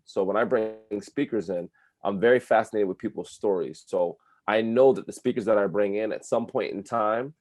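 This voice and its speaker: A man's voice: fairly low pitch, mellow, no room sound. A man from New Jersey, a guest on a radio show, talking earnestly in casual interview style with lots of "like" fillers. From New Jersey, USA. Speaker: guest, speaker and coach.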